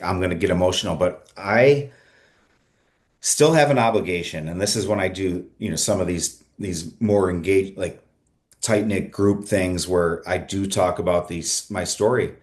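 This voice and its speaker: A middle-aged man guesting on a podcast, telling his story in an earnest, energetic way, often restarting his sentences. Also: sits low. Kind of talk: conversational interview storytelling.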